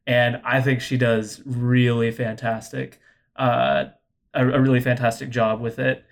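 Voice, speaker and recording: A man chatting on a podcast about a film, acting out his own reactions with lively, restarting speech. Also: medium pitch, a little slow, vocal fry. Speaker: podcast co-host or guest. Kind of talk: casual podcast film discussion.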